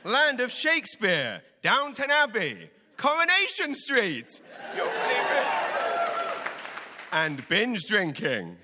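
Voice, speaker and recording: A man's voice: high-pitched, huge pitch swings, takes it slowly, hardly any pauses, crowd noise. A British man giving a mocking stand-up debate speech with punchy one-liners on a stage. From Britain. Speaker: comedy debater. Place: theatre stage before a live audience. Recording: live hall with audience.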